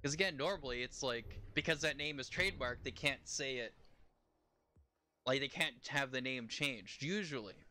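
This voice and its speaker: A man's voice: mid-range voice, moderate pace, pushed and bright, a little hiss or hum. A young man streaming a game, chatting casually in a rambling way and laughing often. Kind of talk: casual live-stream chat while playing.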